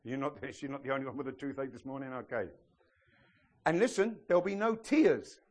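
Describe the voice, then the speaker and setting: Delivering a sermon at a brisk clip, this medium-pitched pastor keeps things lively. He regularly asks the congregation questions, cracks jokes, and laughs as he goes.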